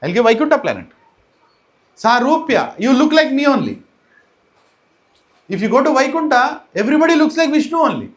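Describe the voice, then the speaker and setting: A man's voice: very high voice, sing-song, fast, long pauses. A man with a Telugu accent telling stories in a kids' class, playful and acting out the characters as he goes. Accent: Telugu-accented Indian English. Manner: playful, acts out characters, switches between English and Telugu. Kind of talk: animated storytelling talk to a mixed audience.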